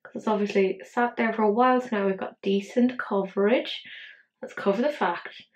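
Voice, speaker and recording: A woman's voice: mid-range voice, fairly even intonation, normal speed, a little mellow, lo-fi sound. A woman in her thirties chatting casually through a makeup tutorial. She swears freely and talks to herself as she works. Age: 30s. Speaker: beauty vlogger.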